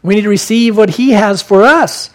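High-voiced man preaching a sermon. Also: normal speed. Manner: expressive, acts out quoted voices with raised pitch. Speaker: pastor.

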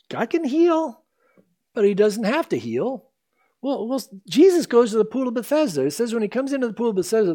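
A man preaching a sermon as pastor, emphatic, slowing down to stress scripture and swinging his voice up and down. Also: fairly high pitch, a little mellow.

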